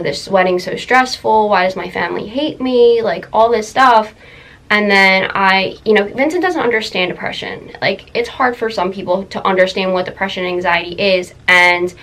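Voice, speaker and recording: A young woman telling a personal story in a confessional vlog, halting, full of fillers and close to tears. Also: mid-range voice, a bit bright, poor audio. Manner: emotional, halting, many fillers. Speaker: vlogger.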